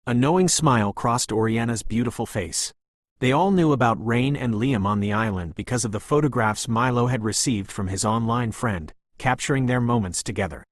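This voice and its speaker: A man narrating a novel as an audiobook in a calm, even, pleasant reading voice. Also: medium pitch, normal speed, no room sound, studio quality.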